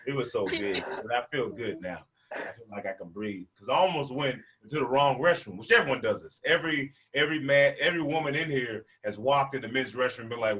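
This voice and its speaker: A young adult man from the United States doing a stand-up comedy set, telling stories and acting out characters with loud, high-pitched outbursts and laughter. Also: noisy background. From American, born in Portland, raised in Memphis.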